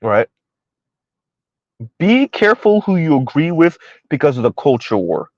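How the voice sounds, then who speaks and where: Man with ranting at his viewers, kinda high voice, lofi dry mic. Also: sing-song, a little slow, darkish tone, dry recording, lo-fi sound. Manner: heated, repetitive, rhetorical questions to viewers. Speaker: commentary channel host. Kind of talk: ranting commentary.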